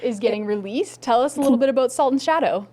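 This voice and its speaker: A woman co-hosting a relaxed podcast, upbeat and supportive. She cheers on her guest and keeps the chat moving along. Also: fairly high pitch, fast. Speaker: podcast co-host.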